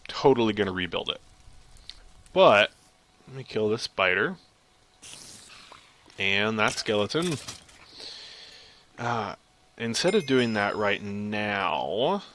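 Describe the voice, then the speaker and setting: A man giving casual, chatty commentary over his own gameplay, excitable and quick to laugh at himself. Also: lowish voice. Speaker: gaming video creator.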